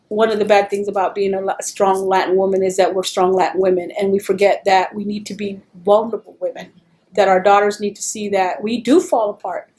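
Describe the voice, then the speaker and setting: A middle-aged woman telling stories in an oral history interview, animated and acting out the voices she quotes. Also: medium pitch.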